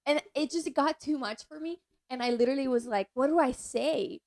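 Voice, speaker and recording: Young female podcast co-host, chatty and casual, slightly high voice. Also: brisk, a little mellow. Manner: chatty, uses many "like" fillers. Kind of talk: casual chat.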